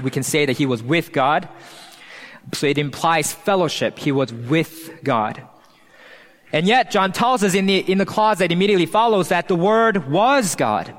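A male pastor preaching a sermon in an earnest, emphatic way, slowing down and pausing to stress key phrases. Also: sits high, fairly bright tone, long reverb tail. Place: church hall.

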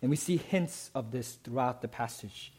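A man preaching a sermon, who often asks the congregation "right?" and moves between emphatic climbs and soft, low passages. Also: normal speed, slightly rough. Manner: rising to emphatic peaks, then dropping soft and low. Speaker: pastor.

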